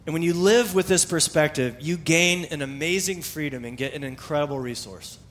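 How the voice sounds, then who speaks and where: A middle-aged male pastor preaching a sermon in a conversational, animated way, with emphatic repetition. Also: fairly high pitch, a little hiss or hum.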